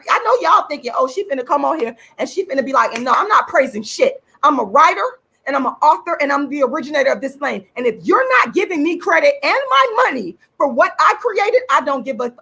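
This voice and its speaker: Furious and cursing, a woman who hosts a channel and works as an activist rants on her livestream, hammering her points by repeating them. Her high voice swoops over a wide range, bright and forceful with a gravelly edge.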